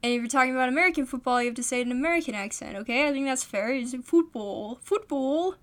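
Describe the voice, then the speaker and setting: A woman's voice: sits high, rapid-fire, fairly bright tone, smooth. A woman co-hosting a podcast in casual chat, rambling with many ums and frequent giggles. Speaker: podcast co-host.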